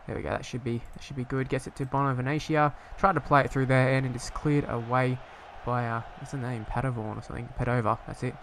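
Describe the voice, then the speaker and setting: A man's voice: mid-range voice, fairly even intonation, fast, hardly any pauses, a little hiss or hum. Rambling young man commentating a game. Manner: rambling, hesitant, bursts into swearing frustration. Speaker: gaming YouTuber.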